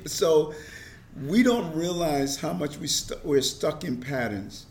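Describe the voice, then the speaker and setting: A man's voice: a little high, lively intonation, a little slow, a little mellow, a little hiss or hum. A middle-aged man talking earnestly as a guest in an interview, often repeating a word as he starts a sentence. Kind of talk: casual conversation.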